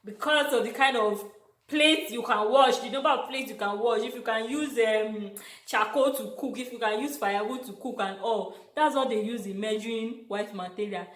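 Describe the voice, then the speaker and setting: Young woman, Nigerian accent, animated storyteller, fairly high voice, roomy echo. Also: normal speed. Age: young adult. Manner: animated, exclaiming, laughs often. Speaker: vlogger, international student. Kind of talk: storytelling vlog. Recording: echoey room.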